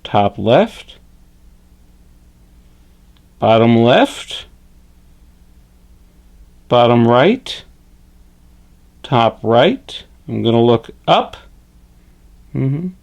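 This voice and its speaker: In an exaggerated, creaky, slightly mellow voice of medium pitch with big swings, a man plays Frederick, a friendly male hand puppet. Frederick teaches puppetry basics on camera, instructive and chipper, slow and deliberate, and often tags "eh?".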